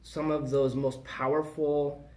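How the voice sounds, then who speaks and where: A man hosting a casual podcast chat, animated and rambling, laughing at his own jokes. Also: on the high side, slow. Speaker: podcast host.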